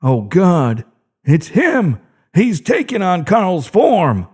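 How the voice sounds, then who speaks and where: A man's voice: sits high, wildly swooping pitch, takes it slowly, darkish tone, breathy edge, pitched above the performer's own voice, exaggerated voice. A man voicing an injured bank manager who pleads and speaks fearfully. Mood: terrified. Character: injured, terrified middle-aged male bank manager. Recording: dry close-mic narration.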